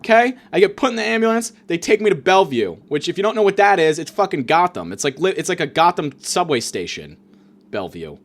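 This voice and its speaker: A man's voice: high-pitched, big pitch swings, a little fast. A man telling a profane comic story in a stand-up style, exasperated and mocking.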